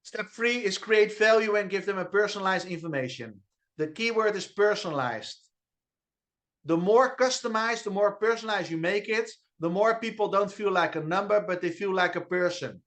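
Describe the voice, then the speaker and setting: A man with a Dutch accent, unusually high-pitched for a man, speaks with eager enthusiasm on a video call. He hammers home key phrases over and over, tripping over quick restarts as he pushes his team. He sounds like a trainer fired up about his message. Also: a bit bright. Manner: enthusiastic, repetitive, with restarts and stutters. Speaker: network marketing trainer. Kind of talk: energetic online training talk.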